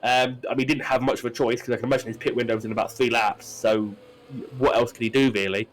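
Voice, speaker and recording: A man's voice: mid-range voice, fairly even intonation, fast talker, slight background noise, poor audio. A man giving chatty live commentary on a sim race, with many fillers and restarts.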